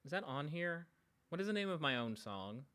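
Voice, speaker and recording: Streaming live from home alongside his dog, this podcast host talks loosely to his audience, wandering off topic, putting himself down and leaving sentences unfinished. He sounds very animated, with a fairly high, fairly bright voice at normal speed.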